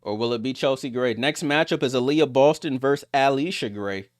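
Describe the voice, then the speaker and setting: A man giving live play-by-play of a basketball game as a streamer, getting louder on big plays and greeting viewers in the chat. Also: fairly quick, no room sound, clean studio sound. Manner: rises sharply in pitch and volume on big plays.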